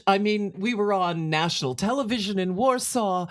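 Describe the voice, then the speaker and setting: A woman's voice: medium pitch, normal speed. Older woman telling vivid stories. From France, raised in Canada. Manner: animated storyteller, drops into quoted voices. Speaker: guest, singer and actor. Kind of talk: conversational interview storytelling.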